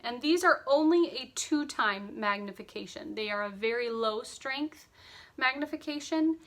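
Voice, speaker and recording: Bright-voiced chatty woman vlogger. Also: fairly high pitch. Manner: chatty, upbeat, lots of fillers. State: sleepy, yawning. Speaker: cross stitch vlogger. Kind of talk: casual chat.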